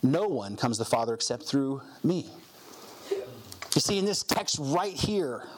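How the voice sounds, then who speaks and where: Emphatic high-voiced male preacher. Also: a little hiss or hum. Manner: emphatic, repeats key phrases. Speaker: pastor. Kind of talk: sermon.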